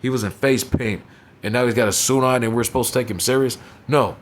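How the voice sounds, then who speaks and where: A man's voice: mid-range voice, fairly quick. A young man giving a blunt, profanity-heavy recap of a wrestling show, often tossing in "you know what I'm saying". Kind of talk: casual profane recap commentary.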